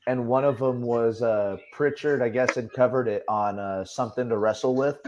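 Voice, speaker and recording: A man's voice: medium pitch, fairly even intonation, moderate pace, lo-fi sound, background noise. A man hosting a casual podcast, easygoing, often stumbling as he starts a thought. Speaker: podcast host. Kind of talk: casual chat.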